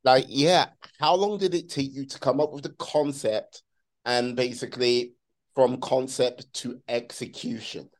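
A man's voice: mid-range voice, fairly even intonation, unhurried. A man hosting a casual interview, reacting with exclamations and asking follow-up questions. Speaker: interviewer host.

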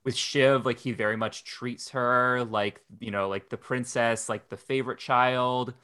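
A man's voice: medium pitch, steady tone, unhurried, pushed and bright, smooth. A man guesting on a podcast, talking casually and eagerly, with many fillers. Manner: eager, peppered with "like". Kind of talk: casual chat.

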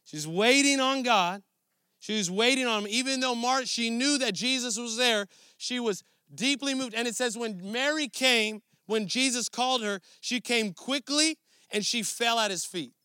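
High, bright-voiced male preacher. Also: moderate pace, smooth, no echo, studio quality. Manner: conversational, earnest, frequent restarts. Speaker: pastor. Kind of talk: sermon.

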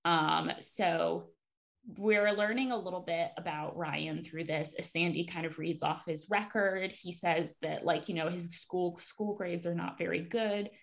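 A woman's voice: on the low side, a bit bright. A woman casually recapping a TV episode for a podcast, chatty and full of fillers.

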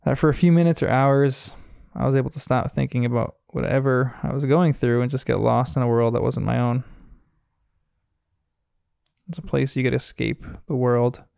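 A man's voice: medium pitch, steady tone, normal speed, gravelly, darkish tone, clear, resonant tone, dry recording, clean studio sound. An American man hosting a podcast, talking in an earnest, reflective way as he recaps a cartoon episode, chuckling often. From United States. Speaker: podcast host.

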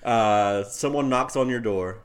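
A man's voice: mid-range voice, a little slow. A man co-hosting a casual podcast, meandering and thinking aloud as he talks. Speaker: podcast co-host. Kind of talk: casual chat.

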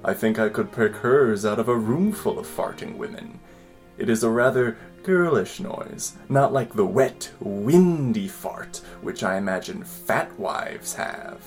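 A man in a British accent playing a lusty early-1900s male letter writer. He reads slowly and lingers over each phrase. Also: on the low side, a little mellow. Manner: slow, lingering dramatic reading. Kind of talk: dramatic reading of a letter.

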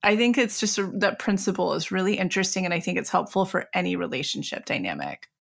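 A woman's voice: fairly low pitch, sing-song, fast talker, vocal fry, a bit bright. A woman hosting an interview, affirming her guest and steering the conversation.

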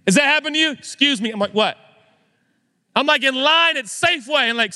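Animated male pastor preaching in a reverberant hall. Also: very high-pitched, brisk. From United States. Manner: animated, self-mocking storytelling with acted-out voices. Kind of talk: sermon. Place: church auditorium.

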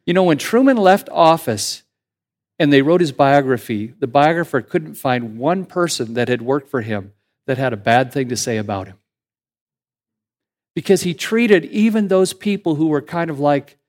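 A man preaching a sermon as pastor in a conversational, animated way, building to emphatic points. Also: fairly high pitch.

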